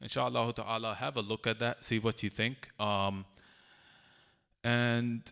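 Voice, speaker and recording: A man making relaxed, hesitant remarks on a panel, with frequent fillers. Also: mid-range voice, unhurried, creaky, smooth.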